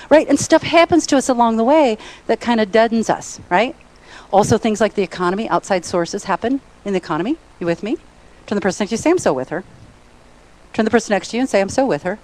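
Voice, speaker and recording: A middle-aged woman giving an energetic, playful motivational seminar talk, bossing a conference audience into call-and-response. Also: fairly high pitch, fast. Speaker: motivational speaker. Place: conference hall.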